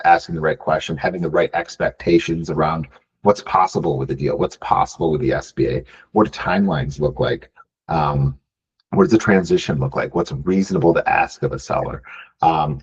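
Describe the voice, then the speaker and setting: A man from Michigan with a very deep, somewhat mellow, breathy voice answers interview questions casually as a guest who buys businesses. He says "um" a lot, tags on "right?" frequently, and restarts phrases. The audio sounds dull.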